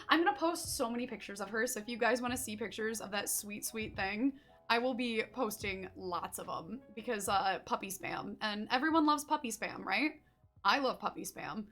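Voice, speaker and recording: Bubbly high-voiced young woman streamer. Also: lively intonation, normal speed, fairly bright tone, soft background music. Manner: bubbly, gushing, talks to chat while working. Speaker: livestream artist. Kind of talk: casual livestream chat while body painting.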